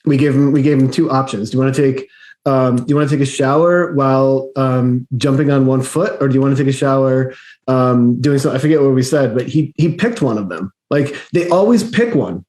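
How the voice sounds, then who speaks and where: Male panel guest, mid-pitched, in a roomy space with echo. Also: a little fast, darkish tone. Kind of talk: casual panel chat.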